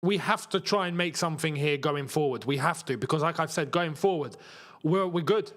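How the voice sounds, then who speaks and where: A young man hosting a live football watchalong, reacting with frustration and bursts of excitement. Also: fairly high pitch, a little fast. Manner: frustrated, animated, swings between muttering and shouting. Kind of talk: live match watchalong commentary.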